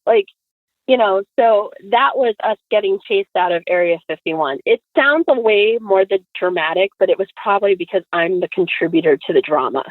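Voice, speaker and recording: A woman guest telling a story in an animated, chatty way, full of fillers and acted-out quotes, heard over a tinny phone line. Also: mid-range voice, fairly quick, hardly any pauses, dry recording. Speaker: podcast guest.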